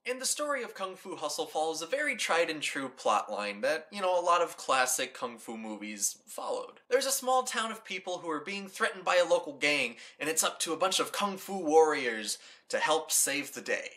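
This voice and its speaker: A bright, fairly high-pitched young man talks up a movie on his review channel with a voice that swings up and down. He rambles with enthusiasm, stacking "like"s and restarting his sentences. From United States. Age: young adult.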